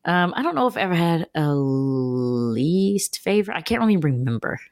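Casting note: woman co-host, lowish voice with a lively, swooping pitch, casual. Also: normal speed. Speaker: podcast co-host. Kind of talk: casual chat.

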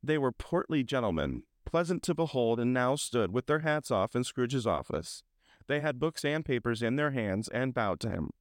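A man narrating a classic story in a measured reading style, with small slips. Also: medium pitch, expressive, no room sound, studio quality.

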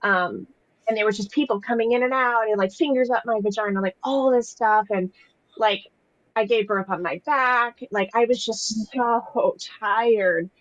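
A woman's voice: on the high side, unhurried, no room sound, highs cut off. A young adult woman, a podcast guest, candidly recounting her own experience in a casual, emotional way with lots of fillers. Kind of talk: casual personal storytelling.

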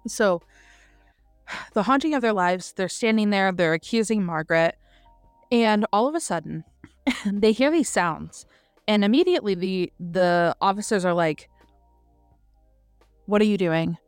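A woman co-hosting a podcast, casually reviewing a book and retelling its scenes with lively acted-out quotes. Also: medium pitch, unhurried, smooth, no room sound, soft background music. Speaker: podcast co-host.

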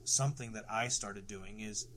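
A middle-aged man with a fairly low voice delivers a motivational podcast monologue. He is emphatic, swears for emphasis and keeps checking in with a rhetorical "right?". A faint hiss sits under the recording. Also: normal speed, a bit bright. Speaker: podcast host.

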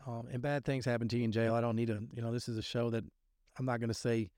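A man's voice: medium pitch, little pitch movement, fast, a little mellow, no room sound, studio quality. A man hosting a podcast, giving a rambling, impassioned, sermon-like talk on addiction recovery. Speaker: podcast host.

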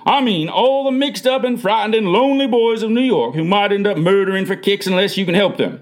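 A man doing a slow-spoken wise old grandfather. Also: sits high, voice pushed up, close to an everyday voice. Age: older. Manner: slow, deliberate, gently probing.

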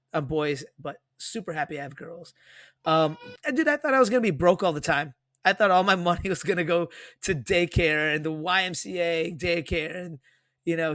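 Male podcast co-host, 30s, slightly high voice, rambling animated storyteller, dry close-mic sound. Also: dry recording. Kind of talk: casual podcast chat.

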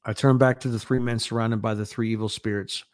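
A man's voice: on the low side, level tone, a little fast, a little mellow, no room sound, clean studio sound. A male host earnestly reading a prophetic vision aloud in a dramatic way. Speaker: newscast host.

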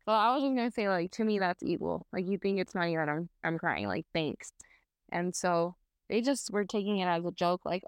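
A woman in her twenties chats casually on a podcast and tells a long, rambling personal story full of fillers. Her voice is smooth and clear. The room sounds dry and close, with no echo. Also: mid-range voice, sing-song, normal speed. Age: 20s. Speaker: podcast co-host. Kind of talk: casual chat.

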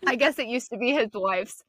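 An American woman co-hosting a podcast in casual chat, bubbly and excited like a fan. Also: on the high side, slightly rough, no echo. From United States. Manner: bubbly, fangirling. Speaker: podcast co-host.

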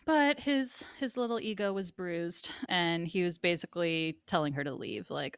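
A woman's voice: lowish voice, a little slow, hardly any pauses, smooth, dry recording, clean studio sound. Woman animatedly recapping a TV episode. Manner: animated retelling, acts out characters' lines, laughs often. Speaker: podcast co-host recapping a TV episode. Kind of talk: casual chat.

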